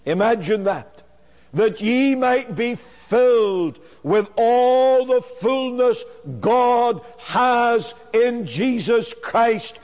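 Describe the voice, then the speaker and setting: A man preaching a sermon in a measured, emphatic way, building on repeated phrases. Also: extremely high pitch, darkish tone, long reverb tail.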